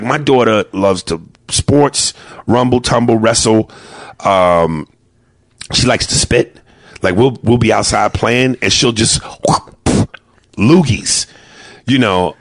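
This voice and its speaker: Gravelly, husky New York comedian. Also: male voice, on the low side, dry recording. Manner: loud, profane, acts out family members in quick voices. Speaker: stand-up comedian. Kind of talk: stand-up storytelling.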